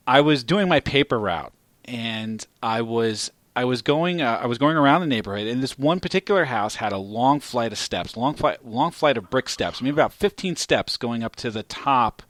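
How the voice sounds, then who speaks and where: Profane, animated male podcast storyteller. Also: mid-range voice, dry recording. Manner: profane, animated storyteller who gets loud at climaxes. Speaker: podcast host. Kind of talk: casual storytelling chat.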